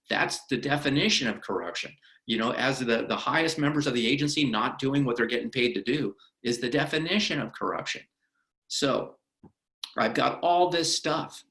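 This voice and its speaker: A middle-aged man, an attorney, leading a workplace harassment training in a conversational way and acting out courtroom questioning. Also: medium pitch. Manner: animated, acts out courtroom questioning. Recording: roomy echo of a meeting room.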